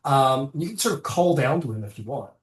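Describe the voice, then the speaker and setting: A game master narrating a tabletop game, rambling and stopping often to correct themselves. The voice sits at a middle pitch. It carries an echoey room sound. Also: animated, a little fast. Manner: rambling, full of fillers and self-corrections.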